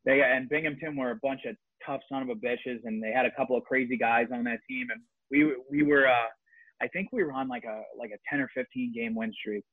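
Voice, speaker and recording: A man's voice: medium pitch, brisk. A young man who tells a story in a loose, rambling way and swears often. He sounds like he is on a thin, phone-like line. The sound is dry, with no room echo. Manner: rambling, profane, animated storyteller. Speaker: podcast guest, former junior hockey player. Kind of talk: casual storytelling chat.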